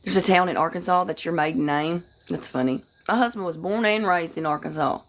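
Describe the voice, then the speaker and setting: Greeting her viewers by name, a livestream host spins rambling, folksy stories and swears freely during a casual stream. She has a lowish voice and talks a little fast.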